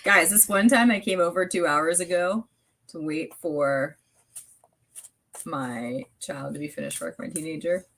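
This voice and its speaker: A woman's voice: low-pitched, a little slow, a bit bright. A middle-aged woman co-hosting a casual late-night live stream, bubbly and chatty, pulling tarot cards and laughing often.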